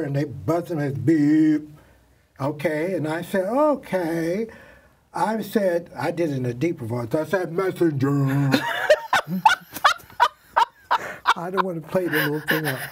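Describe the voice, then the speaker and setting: An older man, a makeup artist guest, telling animated stories in an interview and acting out the voices of the people in them. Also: a little high, breathy edge, recorded from a distance. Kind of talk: storytelling interview.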